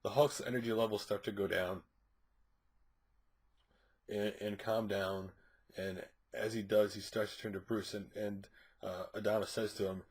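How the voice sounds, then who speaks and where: A man's voice: on the low side, steady tone, measured pace, long pauses, slightly rough. A man reviewing a comic book issue, recapping the plot casually in a rambling way with frequent fillers and restarts.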